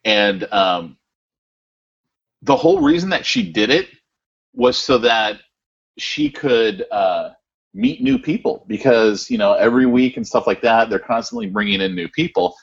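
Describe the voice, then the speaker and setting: A man with a husky, fairly low voice co-hosts a casual podcast and tells stories with lots of ums and you-knows. His pitch moves around a lot, and the audio is dull and lo-fi. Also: very animated, unhurried. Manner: rambling storyteller with many fillers. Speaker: podcast co-host.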